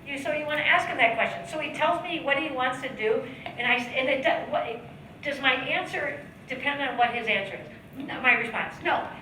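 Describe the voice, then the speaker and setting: A woman giving a motivational sales training talk at a seminar, coaching the audience with rhetorical questions and acted-out sales pitches. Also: brisk, sharp tone. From United States. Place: seminar room, heard from a distance. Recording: echoey room, distant mic, faint background noise.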